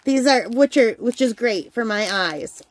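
A woman's voice: on the high side, expressive, a little slow. A woman hosting a crafting channel, chatting casually and enthusiastically at home while unboxing, with the hiccups. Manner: chatty, enthusiastic, easily delighted. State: has the hiccups.

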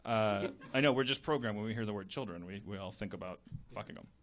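A man's voice: on the low side, fast talker, heavy background noise. A man hosting a podcast, chatting casually in a rambling, jokey way with many restarts. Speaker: podcast host. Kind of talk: casual chat.

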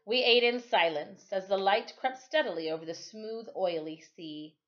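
A woman teacher reading a chapter book aloud, slow and expressive. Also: medium pitch, dull audio, soft background music. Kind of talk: storybook read-aloud.

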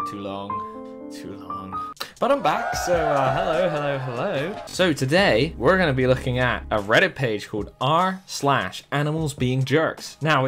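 A young man, giving jokey, excitable commentary while reacting to funny animal videos for his channel. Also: medium pitch. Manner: excitable, jokey, talks to the viewer. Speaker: YouTuber reacting to animal clips.

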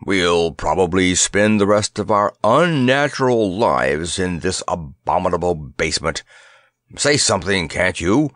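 A man voicing a haughty male elephant who grumbles morosely and sarcastically in a slow, low voice. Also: animated, fairly bright tone, dry recording, studio quality. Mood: grumbling.

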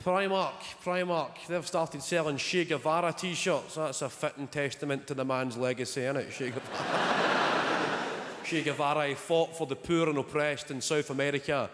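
A man's voice: fairly high pitch, steady tone, moderate pace, a little hiss or hum. A young man doing stand-up comedy on stage, with dry, sardonic storytelling. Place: theatre stage before a live audience. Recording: large hall with loud audience laughter.

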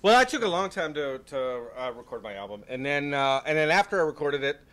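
A man's voice: fairly high pitch, lively intonation, brisk, fairly bright tone. A man guesting on a comedy talk show, laid-back and self-deprecating, outdoors. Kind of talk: casual interview chat. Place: outdoors by a bus stop.

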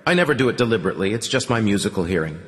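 A man's voice: on the low side, big pitch swings, very fast, big-room sound. A man voicing a sly, teasing young male musician who speaks in insinuations, read in an audiobook.

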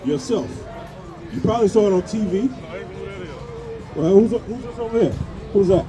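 A man street preaching outdoors at a parade. He presses passers-by with repeated questions and sometimes shouts. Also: high voice, lively intonation, moderate pace. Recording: outdoor street noise, crowd and music. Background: parade crowd and music.

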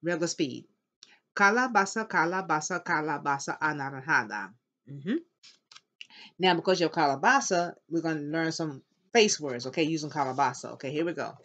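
A woman teaching an elementary Spanish class, slowly modeling words for students to repeat and cheering them on. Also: low voice, fairly bright tone. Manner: upbeat and encouraging. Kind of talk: classroom language lesson. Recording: dull lo-fi classroom recording.

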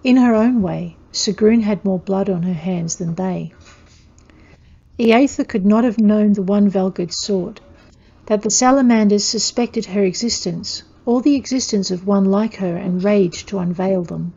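A woman author reading her own fantasy story aloud in a measured, steady storytelling manner. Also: medium pitch, creaky, breathy edge, lo-fi sound. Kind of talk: scripted fantasy narration.

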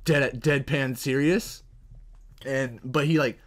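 A young man co-hosting a casual podcast, rambling and swearing freely as he pitches ideas. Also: slow pace. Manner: profane, rambling, animated. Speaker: co-host.

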